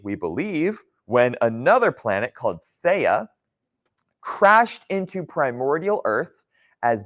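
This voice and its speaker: A man teaching a geology class in a conversational lecture style, often checking in with his students. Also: medium pitch. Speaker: geology instructor.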